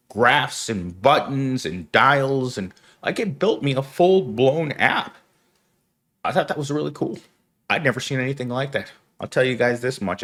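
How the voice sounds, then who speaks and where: A man's voice: mid-range voice, a bit bright. A man with a stuffy, nasal voice from being sick, talking as a YouTuber in a blunt, sardonic vlog. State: sick and congested. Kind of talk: casual vlog commentary.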